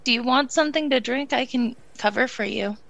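A woman chats casually as a player in a tabletop game. Her voice has a strong gravelly fry. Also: a little high, a little fast, a bit bright, highs cut off.

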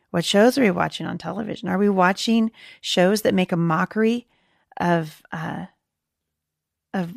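With a medium-pitched voice and noticeable vocal fry, a woman hosts a podcast for moms, earnestly teaching a devotional lesson. She quotes scripture and often uses fillers or starts over. The studio-quality audio has no echo.

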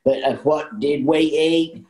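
A Southern American woman in her sixties with a deep, low voice. She chats like a folksy storyteller and laughs easily as she goes. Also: fairly even intonation, takes it slowly, a little mellow, reverberant, rough recording. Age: 60s. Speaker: guest, actress. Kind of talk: casual chat.

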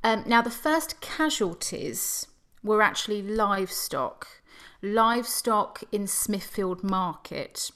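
Giggly woman telling a dark history story. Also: mid-range voice, animated, takes it slowly. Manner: giggly, laughs often mid-story. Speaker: podcast co-host and storyteller.

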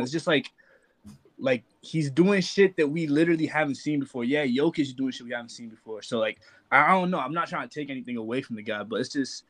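Male panelist, average pitch, slangy and rambling, peppered with "like", dry close recording. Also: a bit bright, dry recording, low-quality recording. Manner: loose, slangy, lots of "like", curses. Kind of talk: casual basketball debate chat.

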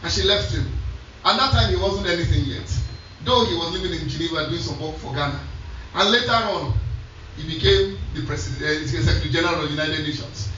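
A man's voice: a little high, brisk, sharp tone, a little hiss or hum. Preaching man in an echoey hall. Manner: storytelling, repeating scripture back to the congregation. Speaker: pastor. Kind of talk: sermon. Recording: echoey church hall from a distance, dull sound.

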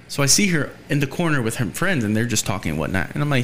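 A man's voice: medium pitch, racing, hardly any pauses, a little hiss or hum. Young man telling a rambling story. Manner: rambling and animated, acting out quoted voices. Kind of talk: casual storytelling.

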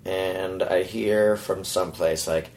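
A man's voice: deep voice, fairly even intonation, slow, darkish tone. A man from Canada, co-hosting a late-night chat, telling a story loosely and acting out the voices of people in it. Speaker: podcast co-host. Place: hotel room at night.

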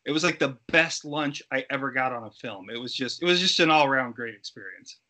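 A middle-aged man telling stories as an interview guest, animated and acting out quoted voices. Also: medium pitch, brisk. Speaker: interview guest, creature suit performer. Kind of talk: casual storytelling interview.

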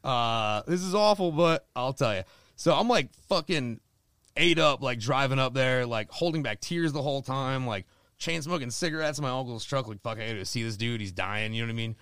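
A man's voice: medium pitch, lively intonation, moderate pace, a bit bright, smooth, no room sound, studio quality. A young man from Florida, telling a rambling, profane story in casual chat, full of "like" and swearing. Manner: rambling, heavy filler "like", swears a lot.

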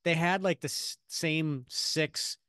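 A man's voice: a little high, fairly even intonation, slow pace, bright, forceful tone, clear, resonant tone, dry recording. A man co-hosting a podcast in casual chat, rambling with many fillers and restarts. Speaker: podcast co-host.

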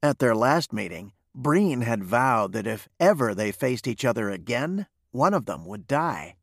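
A man narrating a western novel with a gravelly, lively-pitched voice. His delivery is steady and measured. The recording is close and dry. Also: no room sound. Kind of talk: reading a western novel aloud.

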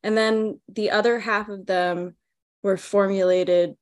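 A young woman in her twenties, a singer-songwriter guest, explaining her songwriting in a soft, hesitant way. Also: medium pitch, fairly even intonation, slow pace. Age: 20s. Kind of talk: casual interview chat.

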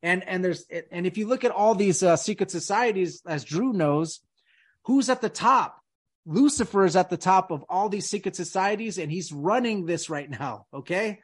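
Lively intonation marks this man's high voice as he hosts a laid-back conspiracy podcast at a moderate pace. He goes off on emphatic tangents, constantly saying "dude" and "man."

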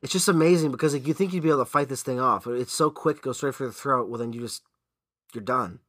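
A man with a stuffy nose co-hosts a casual podcast, teasing and sarcastic, cursing freely. His voice is bright and forceful, and the recording is dry and close. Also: medium pitch, fast talker, no room sound. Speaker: podcast co-host. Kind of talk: casual chat.

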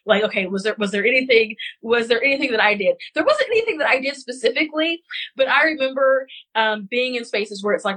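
A woman from West Central Missouri talking on a casual podcast, her voice slightly husky and pitched a little high. She tells stories animatedly, with plenty of fillers and restarts. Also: sing-song, fast, a bit bright, rough recording.

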